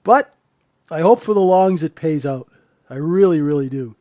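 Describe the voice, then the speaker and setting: A man's voice: fairly high pitch, moderate pace, mellow, highs cut off. A man hosting a live trading room, giving casual, joking market commentary and answering viewers by name. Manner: chatty, joking, talks to chat viewers by name.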